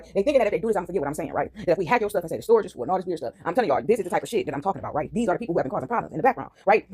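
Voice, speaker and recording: A woman ranting casually to her viewers from home into a phone, animated and rambling, tagging on "right?" and "y'all" constantly. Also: mid-range voice, slightly rough. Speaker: vlogger. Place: at home, indoors.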